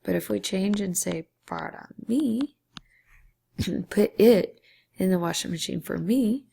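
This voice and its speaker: A woman's voice: medium pitch, slow, creaky, warm tone, husky. A woman teaching a Spanish grammar lesson, explaining patiently step by step and sometimes dropping to a whisper on key syllables.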